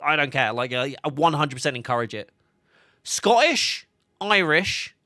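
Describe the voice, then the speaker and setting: A man's voice: medium pitch, fairly even intonation, quick pace, bright, forceful tone, no room sound, clean studio sound. A man, chatting casually on a game livestream, laughing often and reading chat aloud. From England. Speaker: game streamer.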